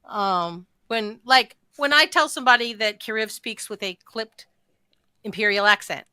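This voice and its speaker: A woman's voice: on the high side, expressive, measured pace, sharp tone, smooth, dry recording. A woman co-hosting a podcast, chatting frankly and matter-of-factly. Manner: frank, blunt, matter-of-fact. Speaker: podcast co-host. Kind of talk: casual chat about roleplay.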